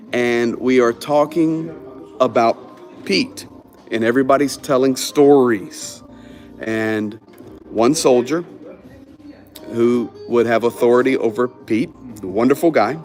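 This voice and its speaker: A man's voice: medium pitch, unhurried, faint music behind. A man telling a story in casual conversation, acting out the people he quotes. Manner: animated, acts out quoted voices.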